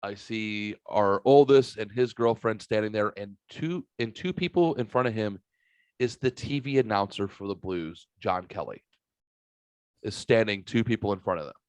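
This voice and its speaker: Male podcast host from the Saint Louis area, casual storyteller, lively and profane, dry close mic. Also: on the low side, normal speed, clean tone, no echo. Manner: animated, swearing, acts out quotes. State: recovering from a sinus virus.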